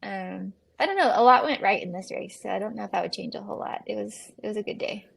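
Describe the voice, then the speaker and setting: A woman's voice: mid-range voice, fast, gravelly, slightly rough, no echo. A young adult woman, a podcast guest who chats casually and laughs often while telling her stories.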